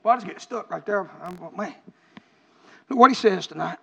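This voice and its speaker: A middle-aged man preaches in a very high voice, swinging from fervent shouts to low, earnest asides. His words ring out through a large, echoing church hall. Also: lively intonation, fairly quick, gravelly. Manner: impassioned, rising to shouts then dropping low. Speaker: pastor. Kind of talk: preaching sermon.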